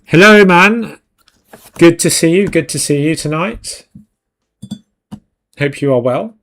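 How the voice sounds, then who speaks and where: A man's voice: on the high side, takes it slowly, a bit bright. A man hosting a live stream, chatting casually and jokingly with viewers while he works, laughing often. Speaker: 3D art stream host.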